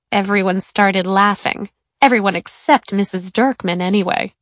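A woman reading a children's chapter book aloud in a clear, even storytelling manner. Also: mid-range voice, normal speed, no room sound. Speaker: narrator. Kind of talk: scripted children's book narration.

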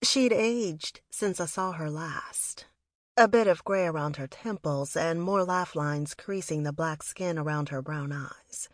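In a deep voice at a measured pace, a female audiobook narrator delivers scripted first-person narration with a wistful, reflective feel. The sound is clean studio quality without echo.

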